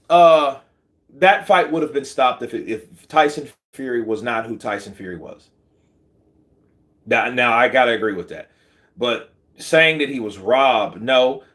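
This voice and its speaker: A man hosting casual boxing commentary, slangy and animated, answering viewer comments. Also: medium pitch, unhurried. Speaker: boxing channel host.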